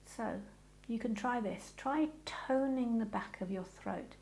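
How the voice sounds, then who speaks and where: A woman teaching a guided yoga class in a gentle, reassuring, chatty way, softening into slow breath cues. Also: fairly high pitch, creaky.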